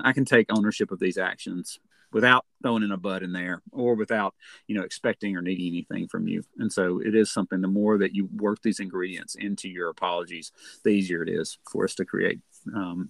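A man's voice: sits low, gravelly, fairly bright tone, no room sound. Earnest man giving counseling advice, dry sound. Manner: earnest, explanatory, often repeats words as he speaks. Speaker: counselor and podcast co-host. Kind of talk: conversational podcast advice.

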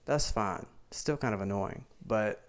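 Young Southern man, podcast co-host, low-ish clean tone, laid-back and blunt. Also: measured pace. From Mississippi. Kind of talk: casual podcast chat.

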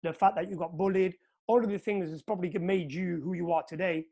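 A man's voice: high voice, quick pace. A man from Portugal hosting a casual chat, telling a story and acting out the quotes with energy. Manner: animated storyteller, acts out quotes.

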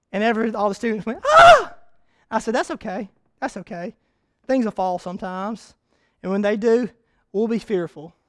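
A man preaching a sermon to his church, swinging from loud shouted peaks to a soft, quiet prayer. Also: sits high, no room sound. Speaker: pastor. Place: church sanctuary.

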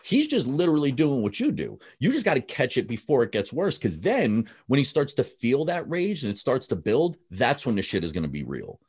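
A man's voice: mid-range voice, sing-song, fairly quick, hardly any pauses, a little mellow, husky. A man, a father, talking bluntly and heatedly about parenting in a casual podcast chat, full of swearing.

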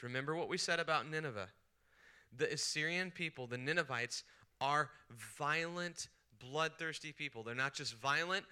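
Bright, crisp-voiced man preaching a sermon. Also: a little high. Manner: animated preaching, acting out the angry prophet's voice. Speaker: pastor. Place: retreat session hall.

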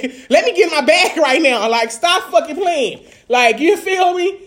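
A woman's voice: sits high, animated, measured pace, fairly bright tone. Blunt, profane woman venting. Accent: Dallas, Texas. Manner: blunt, profane, heated, lots of filler phrases. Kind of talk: casual chat, venting.

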